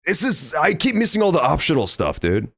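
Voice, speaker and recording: A young man streaming a game, reacting loudly and swearing often in casual commentary. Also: a little high, fairly quick, vocal fry, dry recording, studio quality. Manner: animated, reactive, swears often, loud outbursts. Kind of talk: let's play commentary.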